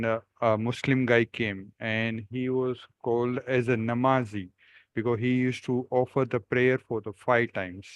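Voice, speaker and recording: A man co-hosting a video call, telling an anecdote in plain, halting English with fillers. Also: mid-range voice, clear, resonant tone, dry recording, dull audio. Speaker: co-host and storyteller.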